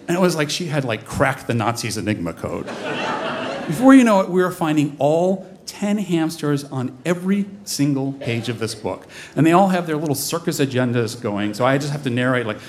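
A man in his forties telling a comic personal story on stage, with a lively, animated delivery. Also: a little high, normal speed, a little hiss or hum. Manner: comic, animated, mimics voices in quotes. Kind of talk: live storytelling performance. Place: stage before an audience.

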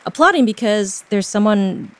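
A woman's voice: mid-range voice, expressive. Woman host narrating a radio feature. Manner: scripted storytelling with slow pauses. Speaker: podcast host.

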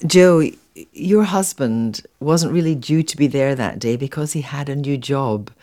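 A male interviewer in a middle voice puts calm, direct questions to his guests. The sound is dry, with no room echo. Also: medium pitch, measured pace.

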